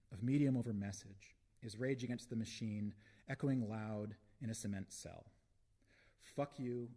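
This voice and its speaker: Slow, deep-voiced man reading poetry. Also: warm tone, slightly rough. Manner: slow, deliberate delivery with long pauses. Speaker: poet reading his work. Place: book launch reading before an audience.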